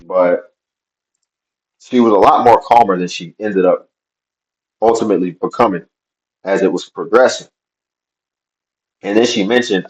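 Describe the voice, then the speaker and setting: A man's voice: lowish voice, a little mellow, low-quality recording. A man commenting on a video clip, skeptical and questioning, with a wry edge. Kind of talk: reaction commentary.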